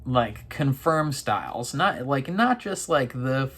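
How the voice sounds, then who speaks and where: Slow, giggly rambling man reacting. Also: medium pitch, sing-song, a bit bright, slightly rough. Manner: rambling, giggly, lots of fillers and restarts. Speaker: reaction video host. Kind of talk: casual reaction commentary.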